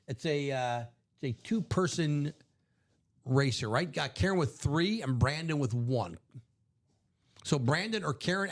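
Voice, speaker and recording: A man hosting a live sports card break stream, chatting casually in a rambling, self-correcting way. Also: a little high. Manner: rambling, self-correcting, chuckles at own stories.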